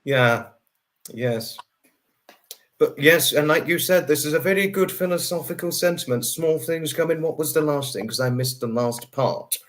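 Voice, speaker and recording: Chatty guy hosting a stream, fairly high voice, keeps repeating himself. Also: normal speed, a bit bright. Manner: chatty, repeats phrases, talks to chat viewers. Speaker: livestream host. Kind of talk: casual chat.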